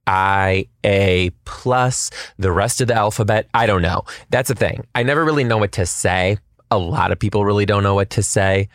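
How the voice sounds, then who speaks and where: A man, a schoolteacher, hosting a comedic solo podcast with quick asides and rhetorical questions. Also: fairly low pitch, gravelly, no room sound, studio quality.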